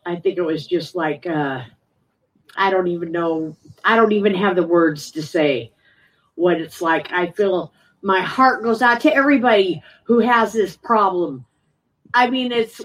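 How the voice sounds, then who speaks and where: Emotional woman testifying, slow and halting, kinda far from the mic. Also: medium pitch. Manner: emotional, halting, with frequent pauses. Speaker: resident speaking at a public meeting. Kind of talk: public testimony.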